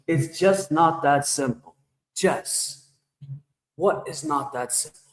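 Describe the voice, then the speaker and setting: Speaking slowly in a voice on the high side, a male livestreamer casually chats with viewers, rambling, joking, and answering the chat. His voice carries an echoey, shower-like reverb effect.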